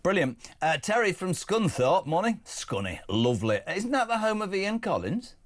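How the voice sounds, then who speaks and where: A man's voice: high-pitched, very animated, moderate pace. A man hosting a live breakfast talk radio show, chatty with wry asides while reading out listener messages.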